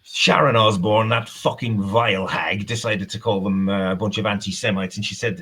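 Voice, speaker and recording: A man's voice: fairly low pitch, steady tone, moderate pace, hardly any pauses, sharp tone, husky. A man giving a heated, profane political rant, rambling and restarting as he goes. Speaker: political commentator. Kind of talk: angry spoken rant.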